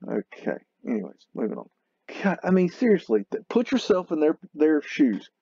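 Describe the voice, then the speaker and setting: A man hosting a video, talking loosely and excitedly over photos, often exclaiming and swearing. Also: on the high side, normal speed, gravelly, slightly rough, no room sound, dull audio. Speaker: video host. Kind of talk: rambling commentary over photos.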